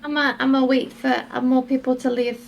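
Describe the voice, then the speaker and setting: A woman's voice: high voice, level tone, a little fast, vocal fry, a little hiss or hum. A woman playing in a tabletop game session, casually describing her character's actions. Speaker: player.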